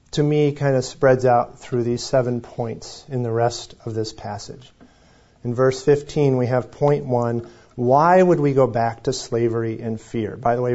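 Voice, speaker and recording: Older pastor guy preaching, folksy and chatty, mid-pitched, kinda lo-fi sound. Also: warm tone. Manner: conversational, folksy preaching with jokes. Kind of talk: sermon. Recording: slightly dull lo-fi recording.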